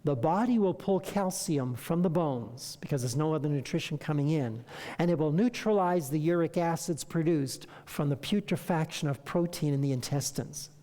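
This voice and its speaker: A health lecturer addressing an audience, asking rhetorical questions and acting out conversations with lively emphasis. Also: medium pitch, moderate pace, long reverb tail. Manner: animated, rhetorical questions, acts out dialogue.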